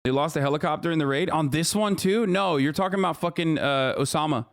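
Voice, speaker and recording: A man's voice: fairly high pitch, quick pace, dry recording, studio quality. A man streaming reactions to news clips, ranting in a casual, profane, sarcastic way. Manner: profane, sarcastic, animated rants.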